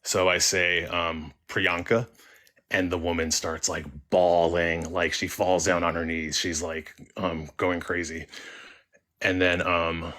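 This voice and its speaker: A young man casually telling a first-person story as a caller, halting and restarting with many likes and ums. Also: low voice, flat delivery, bright, forceful tone.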